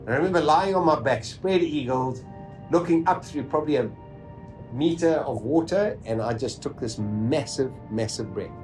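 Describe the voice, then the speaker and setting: A man's voice: mid-range voice, moderate pace, faint music behind. Man telling a dramatic survival story. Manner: vivid, animated telling, acts out his own inner voice; dark humor, chuckles while telling.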